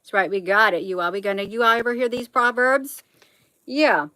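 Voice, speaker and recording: A woman's voice: mid-range voice, fairly even intonation, moderate pace, sharp tone, dry recording, poor audio. A middle-aged woman hosting a casual livestream, reading proverbs aloud and chatting folksily with viewers, calling them honey. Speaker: livestream host.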